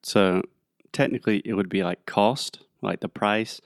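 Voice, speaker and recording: A man's voice: on the low side, measured pace, gravelly, no echo, studio quality. Playful Southern American man co-host. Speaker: podcast co-host. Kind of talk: casual podcast chat.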